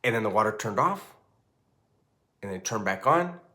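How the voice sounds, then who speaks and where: A man in his forties casually telling a true ghost story in a loose, profane, animated way, often checking in with "right?". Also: on the low side, moderate pace.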